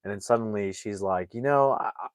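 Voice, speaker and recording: A man's voice: on the low side, a little fast, dry recording. A man reviewing a movie, casually retelling the plot in a rambling way with lots of fillers and restarts.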